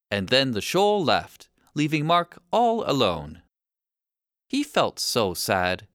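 An expressive storybook narrator reading a children's tale, the pitch rolling widely from line to line. The reading is clear and steady, recorded dry and close with no room around it. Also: slow pace, no room sound.

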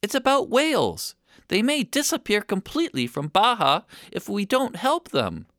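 A man's voice: sits high, wildly swooping pitch, normal speed, a bit bright, no echo, clean studio sound, pitched above the performer's own voice, full character voice. A man voicing an earnest little boy pleading with his older brother in a storybook.

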